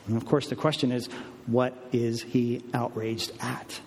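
A man's voice: fairly even intonation, unhurried, darkish tone, slight background noise. Man preaching in an echoing hall. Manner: emphatic preaching, rising for stress, dropping low for weight. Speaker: pastor. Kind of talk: sermon.

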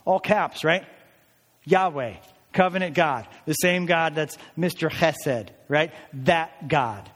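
A man with a fairly high voice preaches a sermon, earnest and rising to emphatic declarations as he works through scripture. His words ring out with a long reverb, as if spoken in a large hall. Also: expressive, moderate pace. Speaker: pastor.

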